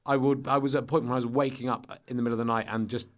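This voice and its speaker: Rambling, animated man in casual chat. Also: mid-range voice, racing. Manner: rambling, self-interrupting, animated. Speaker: podcast guest.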